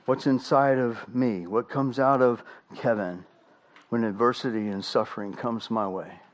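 Preaching a sermon, a middle-aged pastor leans on emphatic delivery, slow dramatic pauses and rhetorical questions. His voice sits in the mid-range, and his intonation stays fairly even.

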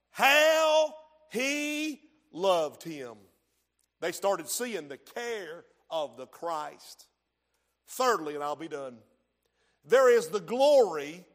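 A man preaching a sermon as pastor, swinging from hushed lines to shouts in a church sanctuary. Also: high voice. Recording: long hall reverb.

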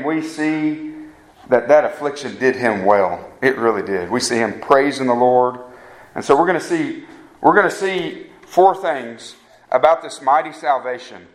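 A man delivers a sermon in an earnest, emphatic way, circling back to repeat his main points. His voice sits a little higher than most men's. The room around him is echoey. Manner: earnest, emphatic preaching with repetitions. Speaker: pastor.

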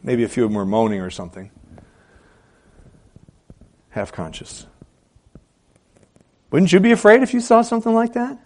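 A male pastor delivers a sermon in a fairly high voice. His pitch rises and falls in a lively way as he leans into rhetorical questions and repeats key phrases for emphasis. His delivery swings from loud, driving passages to quiet, hushed stretches. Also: normal speed, pauses often.

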